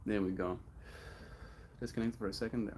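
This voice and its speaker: A young man chatting casually on his daily livestream, musing and reading encouraging lines aloud slowly. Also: fairly low pitch, a little hiss or hum. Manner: relaxed, musing, reads affirmations aloud slowly. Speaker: daily streamer.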